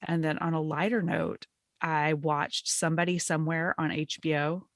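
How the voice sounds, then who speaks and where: A woman's voice: low voice, steady tone, normal speed, no echo. Chatty middle-aged woman, dry sound. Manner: chatty and enthusiastic, frequent laughs. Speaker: podcast co-host. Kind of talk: casual chat.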